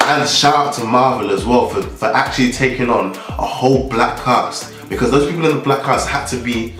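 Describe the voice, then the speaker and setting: A man's voice: medium pitch, moderate pace, a bit bright, echoey room, faint music behind. A young man from Nigeria giving a rambling, casual vlog monologue full of restarts and fillers.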